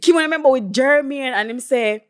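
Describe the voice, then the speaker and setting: A woman, co-hosting a casual podcast chat, tipsy and telling lively stories in patois. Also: high voice, quick pace. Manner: animated storyteller who slips into patois. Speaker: podcast co-host.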